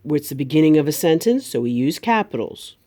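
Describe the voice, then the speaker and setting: A woman teacher, giving a remote grammar lesson to young students and speaking slowly, over-enunciating each word. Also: low-pitched, very animated, warm tone.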